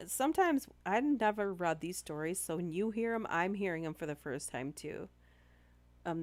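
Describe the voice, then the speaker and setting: Low-voiced Canadian woman reading stories. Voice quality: nasal. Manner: reads aloud with chatty asides and small stumbles. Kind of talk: casual story reading on a live stream.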